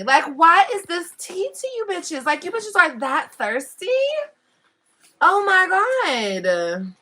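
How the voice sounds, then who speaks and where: A high-voiced woman in her thirties rants at her viewers in a sassy, mocking way, full of swearing. Her voice is bright and lively and swings widely in pitch. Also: takes it slowly. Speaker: livestreamer. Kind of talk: venting to viewers, played clip. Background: child whining.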